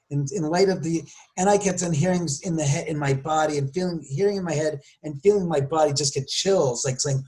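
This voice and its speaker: A man with a fairly high voice tells a story as a podcast guest. He is animated and acts out the voices of the people he quotes. He often restarts and corrects himself as he goes. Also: a little fast. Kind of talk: storytelling interview.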